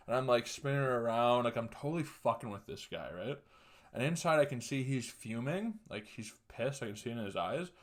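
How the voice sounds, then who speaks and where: Young man, podcast host, casual storytelling, crude, profane, frequent chuckles, average pitch. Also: animated, brisk.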